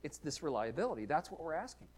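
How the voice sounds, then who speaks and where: A man preaching a sermon, earnest and questioning, rising and falling in loudness to stress his points. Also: fairly high pitch, very animated, quick pace. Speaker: pastor.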